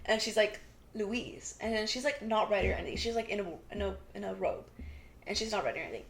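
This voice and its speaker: Rapid-fire and mid-range with vocal fry, this young woman co-hosts a podcast and walks through a TV episode in casual conversation. She acts out what the characters said, sprinkling in plenty of "like."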